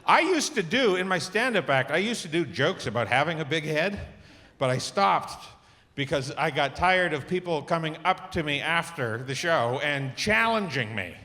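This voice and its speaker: A middle-aged man performing a stand-up comedy set on stage, telling animated stories and acting out the voices he quotes. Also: fairly high pitch, normal speed. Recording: reverberant club with audience laughter.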